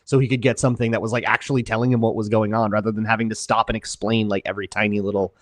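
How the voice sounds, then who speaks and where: A man's voice: lowish voice, little pitch movement, rapid-fire, no echo, clean studio sound. A man co-hosting a sports podcast, telling a rambling casual story full of filler words. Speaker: podcast co-host.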